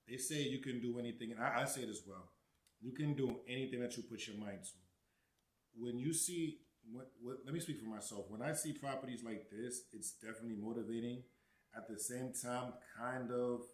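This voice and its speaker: A young man speaks casually as he reacts to a property listing, rambling through an anecdote and checking in with "right?" along the way. His voice sits at an ordinary middle pitch. The room around him gives it a noticeable echo. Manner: chatty storytelling with fillers like "right?" and "you know". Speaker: real estate channel host. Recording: roomy echo.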